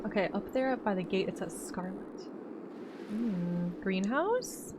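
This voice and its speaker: A woman's voice: mid-range voice, sing-song, unhurried. Woman gamer narrating a visual novel, chatty asides, noisy home recording. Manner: chatty, reads narration then comments with laughs. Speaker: let's play gamer voicing a visual novel. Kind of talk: reading and playing a horror visual novel aloud.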